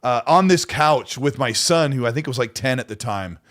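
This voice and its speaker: A man's voice: medium pitch, expressive, moderate pace, a bit bright. Laid-back podcast co-host man. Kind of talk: casual chat.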